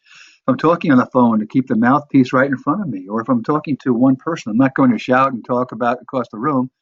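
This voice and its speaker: A man's voice: medium pitch, fast, husky, no echo, dull audio. A man from the New York area teaching a course on sales presentations, talking in a conversational way with frequent restarts and repeated words. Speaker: course instructor. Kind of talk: instructional talk on sales presentations.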